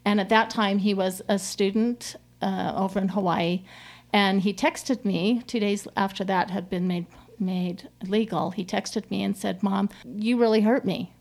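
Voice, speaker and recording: A middle-aged woman telling a personal story as an interview guest, in a heartfelt, halting way with many restarts. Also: mid-range voice, fairly even intonation, darkish tone. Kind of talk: conversational interview.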